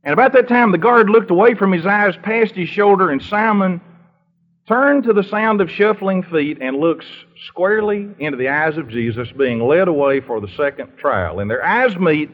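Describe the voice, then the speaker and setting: A male preacher who retells a story with drama and keeps asking his listeners questions. His voice sits high and leaps animatedly up and down. It sounds slightly husky, heard on a dull, lo-fi recording. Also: animated, moderate pace. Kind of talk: storytelling sermon.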